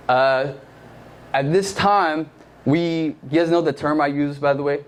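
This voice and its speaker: A young man preaches to a youth group in a relaxed, chatty way, filling his story with "like". His voice sits a bit high for a man. A faint hum of the room stays behind him. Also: unhurried. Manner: conversational, heavy use of "like", lively anecdotes. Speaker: youth pastor. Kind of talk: casual storytelling sermon.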